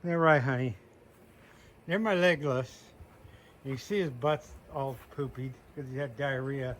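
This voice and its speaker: A man's voice: mid-range voice, measured pace, a bit bright, a little hiss or hum. A man walking around his small farm outdoors, chatting casually and talking sweetly to his goats. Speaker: homesteader showing his animals. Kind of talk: casual farm walkthrough vlog.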